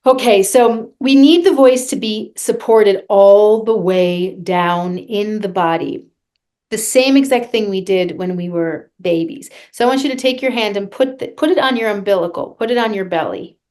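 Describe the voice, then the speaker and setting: A woman's voice: medium pitch, moderate pace, a little mellow. A woman vocal coach being interviewed on a podcast, talking earnestly and guiding listeners through a breathing exercise.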